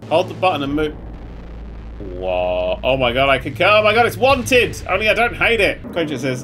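A man giving loud, swearing, excitable live commentary while streaming a game, with sudden yelps and laughs. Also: a little high, unhurried, background noise.

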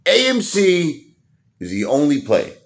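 A man vlogging about stocks in an excitable, rambling monologue, dropping "baby" asides. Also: a little high, a little slow.

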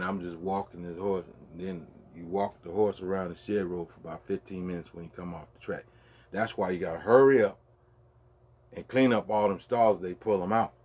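A deep-voiced man with a husky, grainy tone tells a rambling story in an easy, conversational way. He keeps checking in with the listener and circles back on his words as he goes. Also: darkish tone. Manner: loose and conversational, peppered with "man" and "you dig"; drawn-out, trailing delivery with many restarts. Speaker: show host. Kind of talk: casual storytelling monologue.

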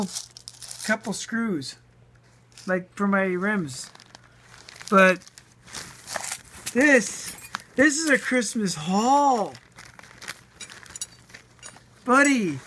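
A woman recording an unboxing vlog for her hobby. She gushes in slangy, excited speech, swears now and then, and stammers over her words. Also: mid-range voice, slight background noise. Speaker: RC hobby vlogger.

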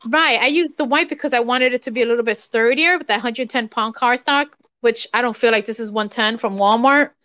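A woman hosting a live craft stream, relaxed and easygoing, giving tips in casual chat. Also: a little high, brisk, few pauses, no room sound, dull audio. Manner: relaxed, easygoing, repeats herself.

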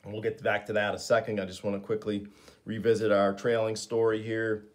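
Male comics reviewer, casual and eager, lower voice. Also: level tone, a little fast. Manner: enthusiastic, with frequent fillers.

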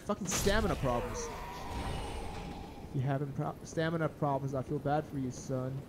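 A young man commentating a blind playthrough of a hard video game, swearing and shouting at enemies, then muttering to himself. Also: moderate pace, noisy background. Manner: swearing, yelling at enemies, sudden pitch jumps. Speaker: gaming channel host. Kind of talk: blind let's play commentary.

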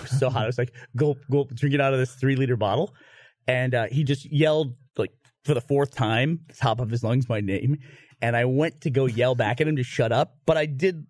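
A man hosting a podcast, telling a story in a casual, animated way, swearing and laughing through it. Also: medium pitch, no echo, clean studio sound.

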